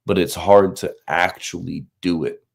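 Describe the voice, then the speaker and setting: A man in his thirties with a low voice tells a personal story about faith in a loose, chatty way. He is full of fillers and restarts. He acts out the voices of the people in his story with animated bursts. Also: a little slow, vocal fry, slightly rough. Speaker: Marine recruiter.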